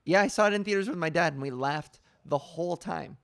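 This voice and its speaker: A young woman hosting a podcast, telling stories in a casual, animated way with lots of fillers. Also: lowish voice, fairly quick, creaky, no echo, clean studio sound. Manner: animated storytelling with frequent laughs and fillers. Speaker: podcast host. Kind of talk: casual chat.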